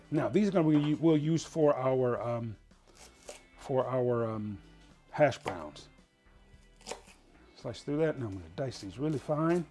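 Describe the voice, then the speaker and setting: A man's voice: a little high, darkish tone. A man hosting a casual home cooking show, chatting folksily as he explains each step in his kitchen.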